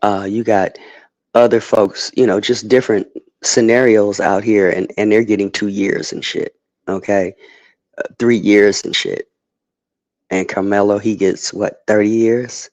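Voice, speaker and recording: Male streamer, lowish voice, heated and emphatic, profane, close dry mic. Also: steady tone, unhurried, a little mellow, no echo. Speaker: streamer giving commentary. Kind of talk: unscripted livestream rant.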